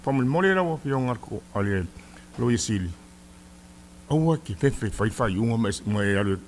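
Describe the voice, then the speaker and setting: A man's voice: medium pitch, animated, moderate pace, slight background noise. A middle-aged man with a Samoan accent, a senator sternly scolding an official during a hearing in a legislative chamber. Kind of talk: formal hearing address.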